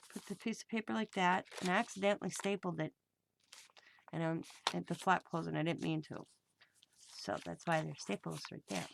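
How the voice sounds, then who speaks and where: A woman's voice: mid-range voice, gravelly, a little hiss or hum. A middle-aged woman hosting a crafting video, chatting casually and telling rambling stories at her craft table at home. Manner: rambling storytelling with reported dialogue. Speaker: crafting channel host.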